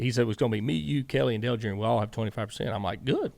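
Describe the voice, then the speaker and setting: A man's voice: medium pitch, lively intonation, rapid-fire, gravelly, few pauses, a little mellow, no echo. A middle-aged man with a Southern US accent, a guest in an interview, telling long rambling stories and quoting himself and others. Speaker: guest, former racing crew chief. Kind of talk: casual storytelling interview.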